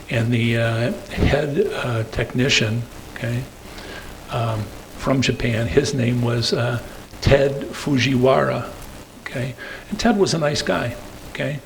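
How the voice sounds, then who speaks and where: An older man giving a rambling storytelling talk at a meeting, tagging his sentences with "okay?" and pausing on fillers. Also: mid-range voice, creaky, slight background noise, poor audio. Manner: hesitant fillers between phrases. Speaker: guest speaker.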